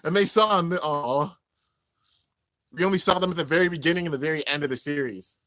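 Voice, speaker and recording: Young man, high-ish voice, live reaction commentary, emotional play-by-play. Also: a little fast, no room sound. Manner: excited, narrating on-screen action, drops to near-tears murmurs. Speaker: anime reaction host.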